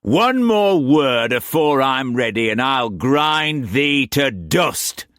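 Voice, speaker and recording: Roaring old sea captain, rough country dialect, high strained shouts, dry close sound. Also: male voice, sing-song, takes it slowly, no room sound. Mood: raging.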